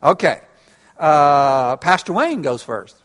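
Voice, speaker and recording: This pastor's voice is on the high side and fairly bright, very animated yet slow-paced. He preaches an interactive sermon in a reverberant church hall, speaking conversationally and laughing with his congregation.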